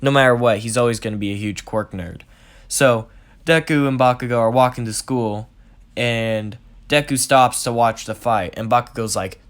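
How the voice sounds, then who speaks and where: A man's voice: mid-range voice, steady tone, moderate pace. A young man casually retelling a fan story, rambling with lots of "like" and "basically". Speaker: channel storyteller.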